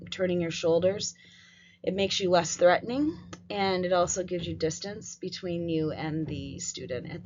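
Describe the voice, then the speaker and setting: A woman presenting a staff training session on calming students, talking conversationally and often checking in with "right?" and "um". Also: lowish voice. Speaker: school behavior trainer. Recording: dull lo-fi audio with faint noise.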